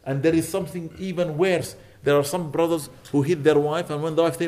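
A man's voice: on the high side, steady tone, brisk, few pauses, warm tone. A man giving an earnest sermon, pleading with his listeners and rising to indignant emphasis. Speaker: imam.

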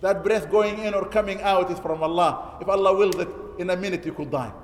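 A high-pitched man preaches quickly and emphatically, reciting Arabic quotes and then explaining them. His voice carries a long, echoing reverb, the sound of a mosque hall. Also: slight background noise. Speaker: imam preaching an Eid sermon. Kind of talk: sermon. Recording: echoey hall.

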